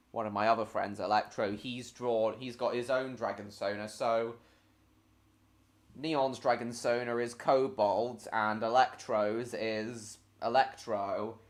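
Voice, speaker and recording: A man's voice: lowish voice, fairly even intonation, measured pace. A man hosting a casual live stream, rambling and distracted as he talks.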